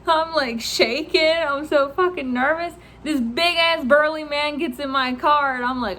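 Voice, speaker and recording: A young woman vlogger telling a story in a casual, animated way, laughing often, swearing freely and acting out what people said. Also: high-pitched, unhurried.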